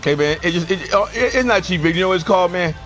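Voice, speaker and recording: A man live-streaming a football video game, telling loud, profane stories and laughing between them. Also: high-pitched, fast, soft background music. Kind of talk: casual live-stream banter.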